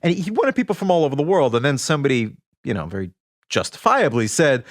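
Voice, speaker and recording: A man's voice: mid-range voice, very animated, fast talker, dry recording, studio quality. A man co-hosting a podcast, telling music and film history in a chatty, storytelling way. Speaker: podcast co-host. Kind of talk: casual chat.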